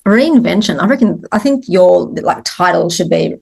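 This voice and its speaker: A woman's voice: fairly low pitch, lively intonation, moderate pace, creaky, a little mellow, slightly rough. A woman hosting an interview, affirming and effusive, murmuring agreement often. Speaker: interview host. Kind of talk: casual interview chat.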